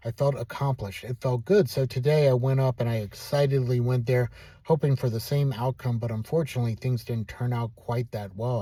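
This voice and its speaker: A man calmly telling a self-deprecating personal story in a casual vlog. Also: medium pitch, fairly quick, dry recording. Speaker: vlogger.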